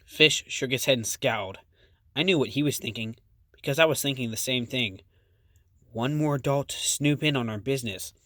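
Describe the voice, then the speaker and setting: A male audiobook narrator with a steady, measured read. His voice sits at an ordinary pitch for a man. The sound is dry and close to the mic. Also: dry recording.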